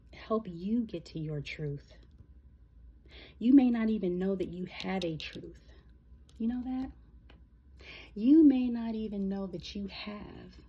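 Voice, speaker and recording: A woman giving a casual spiritual reading, rambling and emotional, with many halting fillers. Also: medium pitch, warm tone, husky, lo-fi sound. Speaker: spiritual reader.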